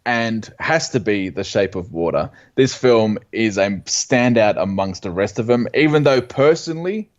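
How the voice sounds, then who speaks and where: A man with a lowish voice co-hosts a movie podcast in casual chat. He gives his picks at length, in an earnest way with plenty of fillers. The recording sounds a bit dull and muffled. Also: expressive, moderate pace, few pauses. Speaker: podcast co-host.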